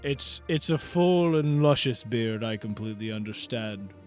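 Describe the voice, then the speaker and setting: A man's voice: medium pitch, expressive, normal speed, faint music behind, voice pushed down, natural voice. A man voicing a genial, chatty bearded king who speaks in a stately way. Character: genial bearded middle-aged male king.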